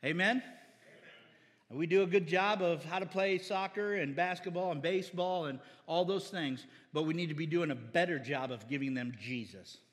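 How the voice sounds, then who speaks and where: A man's voice: on the high side, normal speed. A middle-aged man preaching a sermon as pastor, exhorting the congregation, calling for amens and quoting scripture. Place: church hall. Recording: reverberant church hall.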